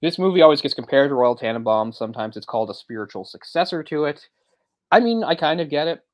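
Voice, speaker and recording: A man's voice: a little high, big pitch swings, quick pace, dry recording, poor audio. A man co-hosting a movie discussion podcast, talking in a rambling, self-correcting way with frequent chuckles. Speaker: podcast co-host.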